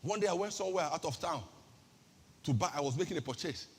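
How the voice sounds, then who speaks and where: A woman's voice: sits low, expressive, quick pace, slightly rough, big-room sound. A woman pastor with a Nigerian accent giving an emphatic sermon-style talk, firing off rhetorical questions and repeating her key phrases.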